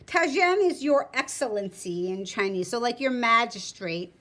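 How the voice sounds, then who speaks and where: Expressive woman teacher reading aloud. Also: a little high. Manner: expressive, pauses to explain words. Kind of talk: reading a story aloud to students.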